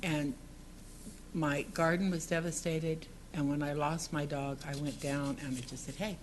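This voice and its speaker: Woman, public commenter at a council podium, earnest and halting, with faint room noise. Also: deep voice, fairly even intonation. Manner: earnest, halting, rambling with restarts. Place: council chamber.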